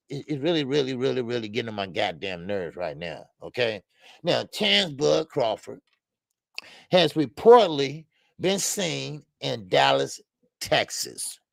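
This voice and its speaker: Gravelly older man with a loose, profane style. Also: medium pitch, a bit bright, dry recording. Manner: loose and profane, lots of stammered fillers, laughs at own jokes. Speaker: boxing show host. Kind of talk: casual call-in show commentary.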